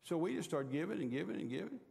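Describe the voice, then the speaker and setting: A man's voice: fairly high pitch, animated, fast talker, gravelly, a little mellow. An older man preaching a storytelling sermon in a folksy way, often stumbling over and repeating his words. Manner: folksy, stammers and repeats words, chuckles while telling. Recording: long reverb of a large hall.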